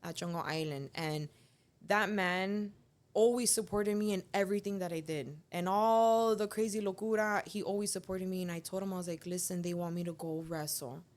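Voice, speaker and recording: Lively young woman. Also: medium pitch, moderate pace. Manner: animated storyteller, acts out quoted dialogue. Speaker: guest, professional alligator wrestler. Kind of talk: casual storytelling in a podcast interview.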